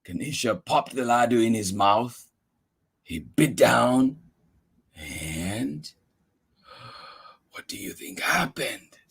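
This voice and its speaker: Casting: slow, lively children's storyteller, man, slightly husky, quizzes his young audience. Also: mid-range voice. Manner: animated, asks the listeners questions. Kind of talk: reading a picture book aloud to children.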